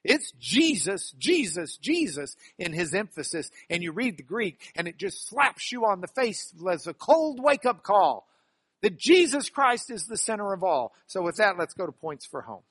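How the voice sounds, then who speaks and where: A man preaching a sermon as pastor, hammering single words with big swings in loudness and leading the congregation in call-and-response. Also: high-pitched, very animated, normal speed, no room sound. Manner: ends in a quiet, soft-spoken prayer.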